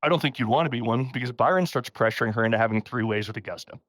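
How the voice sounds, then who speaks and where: A man's voice: mid-range voice, very fast, slight background noise. A man hosting a casual podcast, retelling a story with frequent laughter and quotes acted out in a raised voice. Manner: animated, laughing often, acts out quotes in a raised voice. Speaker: podcast host.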